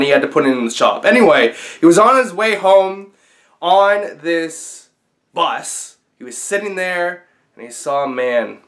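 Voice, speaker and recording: A man's voice: medium pitch, fairly bright tone. A man vlogging, telling a story in a casual, conversational way with fillers and restarts.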